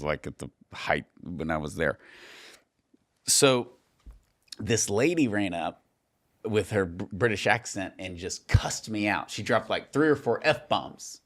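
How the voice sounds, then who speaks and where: A man hosting a podcast, telling stories in a casual, animated way and laughing often. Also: fairly low pitch. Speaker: podcast host. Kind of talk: casual conversation.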